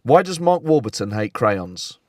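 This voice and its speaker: A man's voice: medium pitch, sing-song, a little slow, darkish tone, no room sound, clean studio sound. A man with an English accent hosting a football podcast, chatty and playful, reading listener jokes aloud. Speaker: podcast host. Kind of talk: casual podcast chat.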